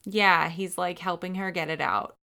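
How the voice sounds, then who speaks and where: A woman's voice: on the low side, steady tone, moderate pace, creaky, pushed and bright, clear, resonant tone. A woman chatting about a movie, blunt and laughing, swearing casually.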